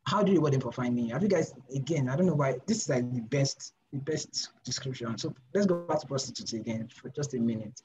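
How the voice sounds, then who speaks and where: A man's voice: medium pitch, expressive, quick pace, hardly any pauses. A young man mentoring designers in an informal live session, emphatic and repetitive, firing off rhetorical questions. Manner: emphatic, repeats phrases, fires rhetorical questions. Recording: slightly dull lo-fi recording.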